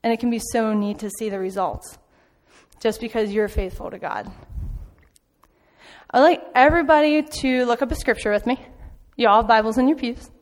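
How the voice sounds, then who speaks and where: Woman, informal church talk, conversational storyteller, higher voice, reverberant sanctuary. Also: moderate pace. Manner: chatty storytelling with frequent ums and laughs. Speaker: church speaker back from a mission trip. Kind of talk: informal sermon. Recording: long hall reverb.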